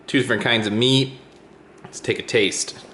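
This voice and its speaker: Male vlogger, tired, rambling and easygoing, bright forceful tone, echoey room. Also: medium pitch, steady tone, moderate pace. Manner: rambling, easygoing, talks to his cat. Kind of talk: casual vlog chatter. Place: cold, drafty house at home. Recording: echoey room with faint noise.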